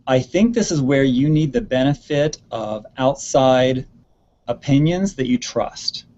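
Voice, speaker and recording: A man's voice: medium pitch, expressive, unhurried, warm tone, dull audio, a little hiss or hum. A man giving earnest advice on stage performance in an online question-and-answer session, often repeating words for emphasis. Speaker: theater expert answering student questions. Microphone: video call.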